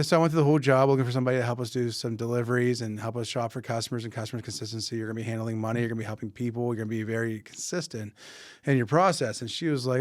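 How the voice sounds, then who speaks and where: Animated storytelling man, dry sound. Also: mid-range voice, quick pace, no room sound. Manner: animated anecdote-telling, acting out quoted dialogue with many restarts. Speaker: podcast host. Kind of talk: casual storytelling chat.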